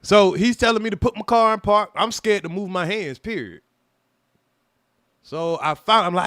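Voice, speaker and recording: A man casually telling a personal story on a livestream, animated and profane, loudly acting out what people said to him. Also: sits high, moderate pace, no room sound, clean studio sound. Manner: animated, profane, acts out quoted voices loudly.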